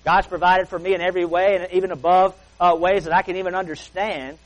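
A man preaching a sermon as pastor, emphatic, slowing down and stretching key words. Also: high voice, little pitch movement, low-quality recording.

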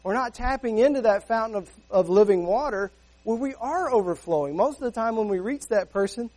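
Male pastor, high-pitched, earnest conversational sermon delivery that slips into quick acted-out asides. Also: animated, darkish tone, rough recording. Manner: earnest, conversational preaching with rhetorical questions; acts out everyday dialogue in quick asides.

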